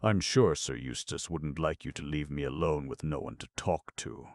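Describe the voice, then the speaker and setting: A man's voice: a bass voice, normal speed, no room sound. A man voicing a spirited, nosy young woman who speaks in a coy, teasing way.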